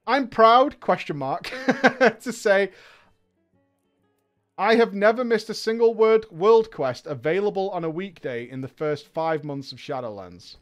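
A man's voice: high-pitched, unhurried, soft background music. A man streaming, reading a story aloud in a casual way and breaking off for laughing, profane asides. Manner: lively reading broken by laughs, swearing and mocking asides.

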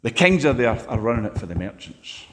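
A man preaching a sermon, impassioned, swinging sharply between loud and quiet. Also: very animated, fast talker. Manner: impassioned, rises and drops sharply in pitch and volume. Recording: long hall reverb.

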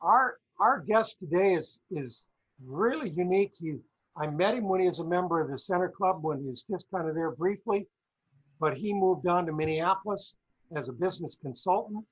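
A man's voice: high voice, animated, moderate pace, husky. A man co-hosting a business talk show, chatty, rambling and playful. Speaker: co-host, former professor. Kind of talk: casual talk-show chat. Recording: dull lo-fi audio.

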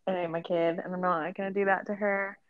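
Blunt, low-voiced woman co-host. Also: little pitch movement, a little fast, no echo, narrow, tinny audio. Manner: blunt, emphatic, opinionated. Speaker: podcast co-host. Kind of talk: casual chat.

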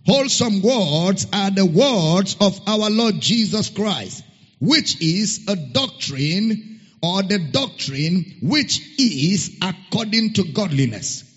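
A man preaching a sermon, reading scripture slowly and emphatically and repeating key phrases. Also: high-pitched, expressive, breathy edge. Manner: spells out a Greek word letter by letter. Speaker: pastor. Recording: muffled sound with long hall reverb.

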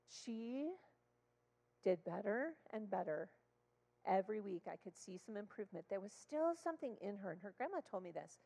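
A woman speaking in church as a child therapist, telling a story with animated acted-out dialogue. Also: medium pitch, moderate pace, vocal fry. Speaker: child therapist sharing testimony. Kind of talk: storytelling sermon. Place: church sanctuary. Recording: long hall reverb.

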